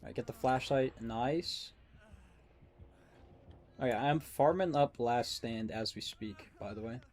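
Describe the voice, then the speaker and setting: A man's voice: mid-range voice, a little mellow. A man giving casual, joking commentary while playing a match with a friend. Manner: joking, teasing, quick asides. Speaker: caster and player.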